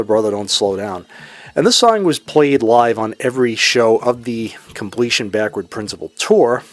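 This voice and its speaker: A man hosting a solo music podcast, talking casually with rambling enthusiasm. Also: mid-range voice. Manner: enthusiastic, rambling, exclaims "oh my goodness". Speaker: podcast host.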